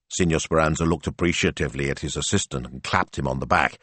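Male audiobook narrator, deep, animated contour, dry studio read. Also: fast, few pauses, no room sound.

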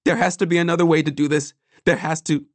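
A man's voice: on the high side, flat delivery, very slow, warm tone, no echo, voice pushed up. Give me a man playing a frightened young man, urgent and pleading, recorded dry and close. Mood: desperate. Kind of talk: audiobook character voice.

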